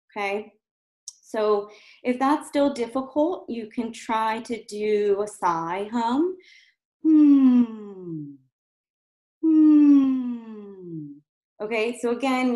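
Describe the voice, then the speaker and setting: A woman voice therapist talks listeners through resonant voice exercises in a calm, patient way. She stops often to demonstrate soft hums and chanted syllables. Her mid-pitched voice carries a noticeable room echo. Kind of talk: instructional voice exercise lesson. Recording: roomy echo.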